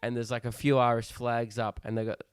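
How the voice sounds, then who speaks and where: A man's voice: medium pitch, level tone, smooth, no room sound, clean studio sound. A young Australian man co-hosting a casual podcast, chatty and joking as he plugs his tour dates. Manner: chatty, joking, brisk self-promotion. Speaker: podcast co-host, touring comedian.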